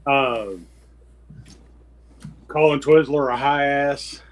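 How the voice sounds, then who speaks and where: A man's voice: medium pitch, steady tone, extremely slow, rough recording. A man co-hosting a podcast, chatting casually with friends, joking and trailing off into restarts. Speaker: podcast co-host. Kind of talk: casual chat.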